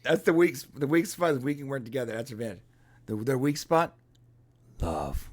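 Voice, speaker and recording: A man co-hosting a casual show-review chat, joking and acting out scenes in quick quoted voices. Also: mid-range voice, darkish tone. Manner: jokey, acts out scenes in quoted voices, laughs often. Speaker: podcast co-host.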